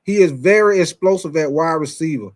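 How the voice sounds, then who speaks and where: A man's voice: on the high side, brisk. A man hosting a casual sports talk show, talking energetically and calling out to his viewers. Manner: energetic, repetitive, calls out to viewers with 'y'all' and 'man'.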